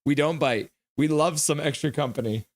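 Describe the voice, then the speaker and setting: A man hosting a casual hockey live stream, chatting loosely and reading viewer comments aloud, sometimes yelling them in a high put-on voice. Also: moderate pace, no room sound.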